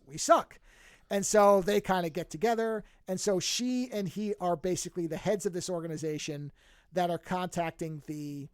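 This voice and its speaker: Clean studio sound with a dry recording presents a podcast host with a medium-pitched voice. Animatedly and casually recapping a TV series, they act out the characters' lines and often restart and correct themselves mid-sentence.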